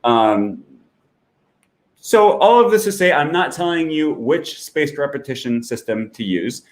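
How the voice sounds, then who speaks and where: A man hosting a language-learning channel, explaining in a relaxed, chatty way with fillers and self-corrections while he clicks through an app. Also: on the high side, a little slow. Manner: walks through an app on screen while talking. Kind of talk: casual explanatory talk.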